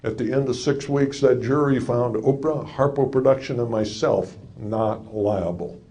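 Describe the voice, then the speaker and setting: A man's voice: medium pitch, a little slow, mellow. Wry folksy older male storyteller. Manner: folksy, wry storyteller with punchlines and acted quotes. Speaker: speaker telling a story to an audience. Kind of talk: storytelling talk to a live audience.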